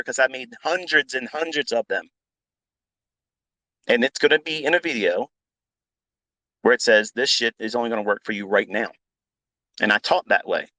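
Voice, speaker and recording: A middle-aged man rants at his listeners in a blunt, profane, unscripted way, repeating his points and flaring into loud outbursts. His voice sits at an ordinary male pitch, and the sound is dry and close with no room echo. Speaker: trading educator hosting a live audio chat.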